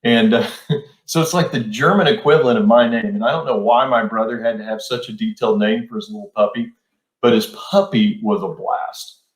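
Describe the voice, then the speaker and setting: A man's voice: mid-range voice, steady tone, a little fast. A middle-aged man hosting a casual storytelling chat, laid-back and rambling with plenty of fillers. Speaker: podcast host. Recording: roomy echo.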